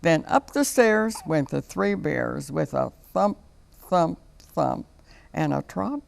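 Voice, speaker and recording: A woman reading a fairy tale aloud to children on a local TV show, slowly and expressively, in a sing-song way. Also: low voice, animated, creaky. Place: TV studio.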